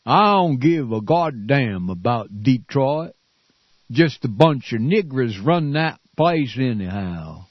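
Man doing a sneering drawling senator, husky, lo-fi. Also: medium pitch, big pitch swings, takes it slowly, no echo. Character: jeering mock Southern male senator, defiant.

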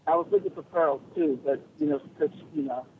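A man with a high voice calls in to a radio talk show and tells his story with animated indignation and quick retorts. His voice comes through a thin, tinny phone line, with a faint hiss underneath. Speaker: radio call-in caller. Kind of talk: casual storytelling on a call-in show.

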